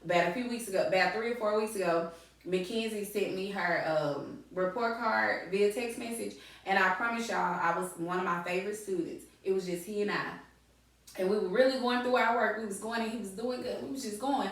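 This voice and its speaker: A woman's voice: mid-range voice, fairly quick. A middle-aged woman hosting a podcast, chatting casually and animatedly, laughing often and repeating words for emphasis. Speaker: podcast host. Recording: echoey room, distant mic.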